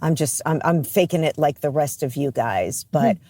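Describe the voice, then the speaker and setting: Low-voiced woman, reflective and earnest. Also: animated, moderate pace, mellow. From US East Coast. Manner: reflective, earnest, self-deprecating. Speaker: radio host, guest. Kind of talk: candid interview talk.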